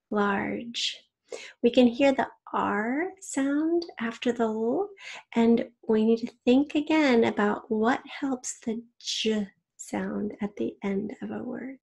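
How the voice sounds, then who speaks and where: A woman teacher reads out a children's spelling test at a slow, unhurried pace, putting every word into an example sentence. Her voice is husky, with a gravelly fry at the ends of phrases, and she gives patient spelling hints between words. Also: on the high side.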